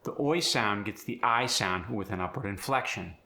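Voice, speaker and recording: A man's voice: lowish voice, normal speed, gravelly, bright, forceful tone. A man teaching an accent, explaining each sound change step by step before reading an example sentence. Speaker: accent coach. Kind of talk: accent tutorial.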